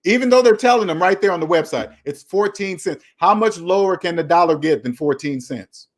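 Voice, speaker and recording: A man's voice: high-pitched, expressive, brisk. A man hosting a casual finance talk, lecturing emphatically and repeating his points. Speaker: finance channel host.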